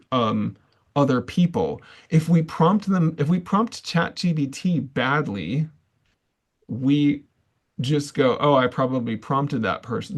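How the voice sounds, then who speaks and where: A man's voice: medium pitch, vocal fry. A man leading a management training workshop, telling anecdotes conversationally and acting out the quoted dialogue with many fillers and restarts. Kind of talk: live online workshop talk.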